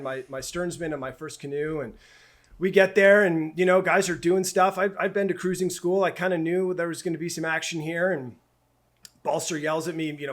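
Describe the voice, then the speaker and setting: A middle-aged man telling a personal story as a guest in a podcast interview, halting and heartfelt, with many restarts and repeated words. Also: a little high. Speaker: camp director guest.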